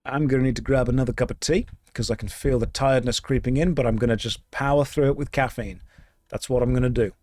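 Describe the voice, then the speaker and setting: During a relaxed gameplay stream, a man in the mid range with fairly even intonation talks fast and sounds a little mellow. His chat with viewers is dry and sarcastic, and the recording is dry.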